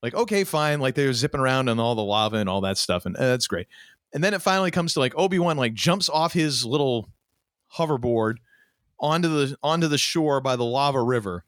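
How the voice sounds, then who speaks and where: A man co-hosting a podcast, talking casually and ranting with animated restarts and mock voices. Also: medium pitch, a little fast, no echo, clean studio sound. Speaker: podcast co-host. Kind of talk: casual chat.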